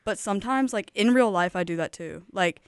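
Young southern woman cohosting a podcast, bubbly and excitable, dry close mic. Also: mid-range voice, a little fast, clean tone, dry recording. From Alabama, US Southern. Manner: bubbly, gasping and exclaiming. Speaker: podcast co-host. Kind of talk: casual chat.

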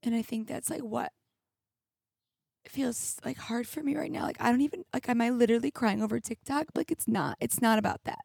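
A young woman hosts her own podcast in an emotional solo monologue, her voice slightly high, fairly fast, creaky, a bit mellow and husky. She speaks candidly and reflectively, sometimes teary, saying "like" constantly. The studio-quality recording, made on a studio mic with headphones, has no room sound.

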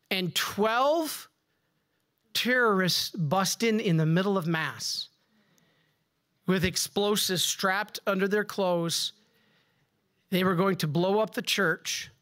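A man preaching as a Catholic priest, delivering a rousing sermon with emphatic rises on key words and quick asides to the congregation. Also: high-pitched, pushed and bright.

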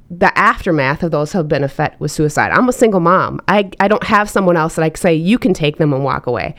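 Low-voiced earnest woman telling her story. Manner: earnest, reflective, candid. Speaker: single mother sharing her story. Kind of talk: personal storytelling.

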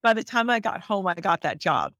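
A woman actress as an interview guest, telling lively stories and acting out the voices in them. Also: mid-range voice, brisk, no echo. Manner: lively, acts out voices in her anecdotes. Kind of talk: animated storytelling in an interview.

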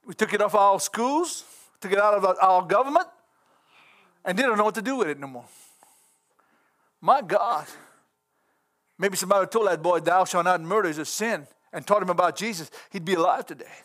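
A middle-aged man preaching a fervent sermon, folksy in grammar and rising at times to shouts. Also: sits high, moderate pace, long pauses.

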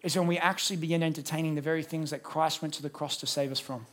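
A man's voice: fairly high pitch, steady tone, quick pace, a bit bright. A man preaching a sermon as pastor, acting out little dialogues as he goes.

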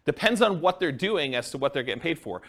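A man's voice: a little high, very animated, fast, a bit bright. A man giving a conversational classroom lecture on real estate partnerships, checking in with his listeners and using many fillers. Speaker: real estate investing instructor.

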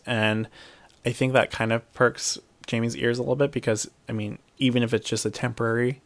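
A man's voice: medium pitch, moderate pace, gravelly, no room sound. A man in casual podcast conversation, recapping a TV episode and swearing freely while acting out the scenes. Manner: swears freely, animated retelling with quoted voices.

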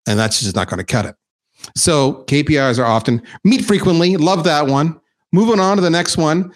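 Male presenter, lively pitch swings, fairly high voice, casual and emphatic delivery through slides. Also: moderate pace. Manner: animated, informal, emphatic. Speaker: chief revenue officer presenting slides. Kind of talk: conversational business presentation.

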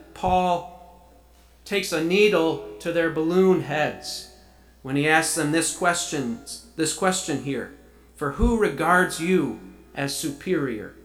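A man's voice: on the high side, fairly bright tone, reverberant, rough recording. A man preaching a sermon, reading scripture aloud and explaining it earnestly. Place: church sanctuary.

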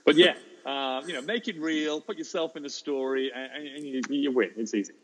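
Fast-talking male storyteller. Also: low-quality recording. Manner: lively storyteller, acts out children's voices in high pitch. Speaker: teacher and storyteller guest. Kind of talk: animated anecdote in an interview.

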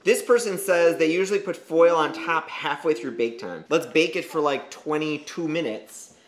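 A man's voice: fairly high pitch, moderate pace. A man baking at home, reading recipe steps aloud in a casual, hesitant, joking way. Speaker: host baking with his child. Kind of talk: casual home cooking chat. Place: home kitchen.

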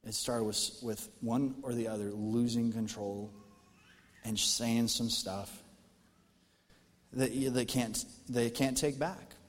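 An American man preaching a sermon as pastor, talking to the congregation in a lively, conversational way with jokes. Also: mid-range voice, slow. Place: church auditorium. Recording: long reverb from a church hall.

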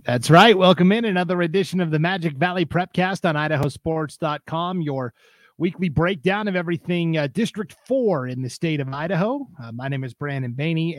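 A young adult man hosting a casual high school sports podcast, upbeat and joking with his co-host. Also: no room sound.

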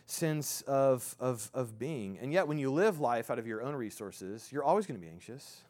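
A man in his thirties preaching a sermon as a pastor, in a conversational, halting way with many fillers and restarts. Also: on the high side, animated. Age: 30s.

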